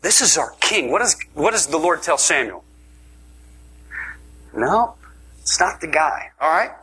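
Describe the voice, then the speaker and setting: A man's voice: fairly high pitch, big pitch swings, measured pace, pushed and bright, slight background noise. A man preaching a sermon, telling the story with jokes and dropping into whispers for emphasis. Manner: playful, joking storytelling, with sudden whispers.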